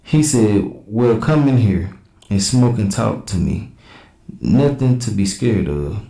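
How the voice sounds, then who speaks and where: Low, mellow-voiced man reading texts aloud. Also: expressive, takes it slowly, creaky, roomy sound. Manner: blunt, slangy, reads quoted messages in a plain back-and-forth. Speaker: reaction channel host. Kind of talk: casual commentary reading text messages aloud.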